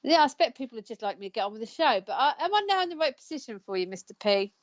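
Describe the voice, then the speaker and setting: A woman's voice: a little high, sing-song, racing, lo-fi sound. A woman hosting a live psychic counselling show, chatting casually, laughing often and stumbling over names. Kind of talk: casual live-stream chat.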